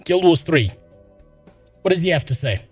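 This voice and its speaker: Sarcastic swearing man streamer, slightly high voice. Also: animated, moderate pace, breathy edge, faint music behind. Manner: crude, sarcastic, swears often. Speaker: streamer reacting to videos. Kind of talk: casual reaction stream commentary.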